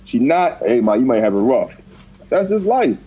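A man chatting casually outdoors as a podcast co-host, telling animated stories and acting out quotes. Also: mid-range voice, moderate pace, breathy edge, lo-fi sound. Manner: animated storytelling, acts out quotes. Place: outdoors in a park.

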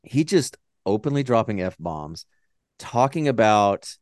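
A man co-hosting a podcast in casual chat, animated and swearing freely as he jokes around. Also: fairly low pitch, slow pace, no echo, studio quality. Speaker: podcast co-host.

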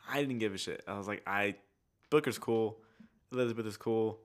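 A man's voice: fairly low pitch, a little fast. A man giving blunt, dry opinions in a casual chat about games.

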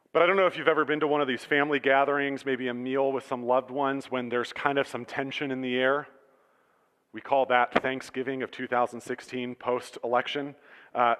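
A man's voice: mid-range voice, fairly bright tone. Man preaching in a reverberant church. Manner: conversational storytelling with asides. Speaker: pastor. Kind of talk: sermon.

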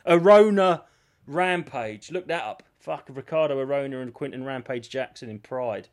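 A man co-hosting a podcast, telling stories in an animated casual chat and swearing freely. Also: mid-range voice, moderate pace. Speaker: podcast co-host.

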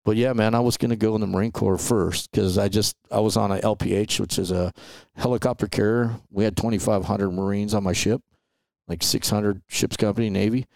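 A middle-aged man tells stories in a loose, conversational way. His voice sits on the low side, with a gravelly edge to it. The sound is dry and close, with no room around it. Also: a little fast, no room sound. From Los Angeles. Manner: relaxed, chatty, peppers talk with "man" and "you know". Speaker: guest. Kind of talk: casual storytelling interview.

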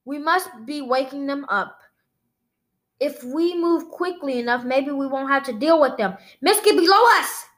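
A woman whose voice sits high reads a graphic novel aloud at a moderate pace. She treats the sound effects and the dialogue alike, using one reading voice throughout the storytelling.

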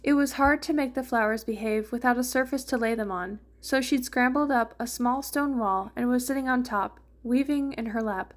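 A woman's voice: fairly high pitch, normal speed, few pauses. Woman reading fan fiction aloud. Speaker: fanfiction reader.

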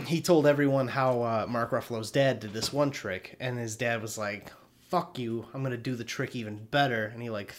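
A man in casual podcast conversation about movies, rambling and laughing often, with casual swearing. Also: mid-range voice. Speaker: podcast co-host.

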